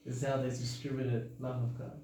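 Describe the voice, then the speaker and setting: A chatty Australian man gives a relaxed scripture talk, breaking into laughter and throwing questions at his listeners. His voice sits at an ordinary middle pitch. It rings through a very echoey hall over a faint hum. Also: a little fast. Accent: Australian, softened toward American. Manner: chatty, joking, laughs often, asks the audience questions. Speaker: temple speaker giving a scripture class. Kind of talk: informal sermon with jokes.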